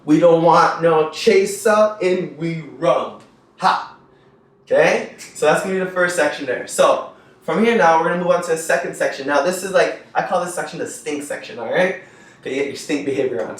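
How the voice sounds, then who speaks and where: A young man leads a dance tutorial in a lively, upbeat way, counting beats and scatting rhythms as he moves. His voice sits a little high. It rings through a very echoey room, heard from some distance off the mic. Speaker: dance instructor.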